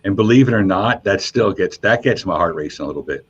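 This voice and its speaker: Husky low-voiced radio DJ storyteller. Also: male voice, fast talker. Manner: animated storyteller, voices quotes with high pitch jumps. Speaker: radio DJ and guest. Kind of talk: casual storytelling interview. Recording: muffled lo-fi sound.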